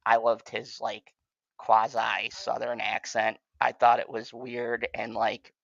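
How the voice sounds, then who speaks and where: A man's voice: medium pitch, level tone, slow pace, vocal fry, a bit bright. A man co-hosting a casual review chat, rambling, swearing freely and laughing a lot. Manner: profane, rambling, laughs often. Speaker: podcast co-host reviewing shows. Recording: dry, dull lo-fi sound.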